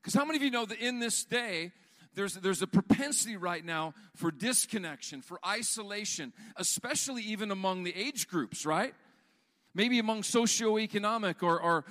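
A man preaching a sermon as pastor, animated and often repeating words as he builds a point. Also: sits high, in a large hall.

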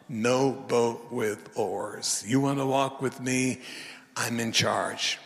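A male bishop preaching a sermon, animated in his storytelling, with big swings in pitch and loudness. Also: slow pace, creaky. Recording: long reverb of a large hall.

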